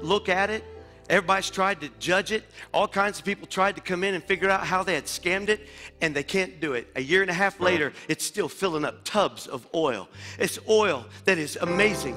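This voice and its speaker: A male pastor preaching a sermon in a church, dropping to hushed asides and rising to loud declarations. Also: high-pitched, big-room sound. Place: church sanctuary.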